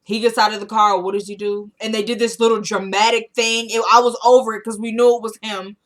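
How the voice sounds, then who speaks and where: A woman talks through a recap of a TV drama episode in a relaxed, chatty way. She retells the scenes by voicing the characters' lines and breaks in with her own blunt opinions. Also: fairly high pitch, fairly quick. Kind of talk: casual recap chat.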